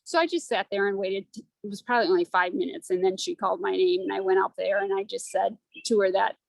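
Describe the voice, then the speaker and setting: A woman's voice: mid-range voice, fairly even intonation, fast talker, creaky, dry recording, rough recording. A woman telling a personal story on a video call in a rambling, earnest way, close to tears. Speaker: study group member.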